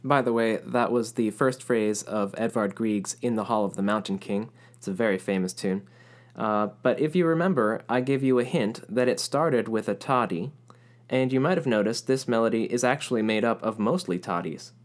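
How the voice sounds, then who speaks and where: A man narrating a music lesson in a clear, explanatory way, now and then chanting rhythm syllables aloud. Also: fairly low pitch, moderate pace. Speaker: music teacher.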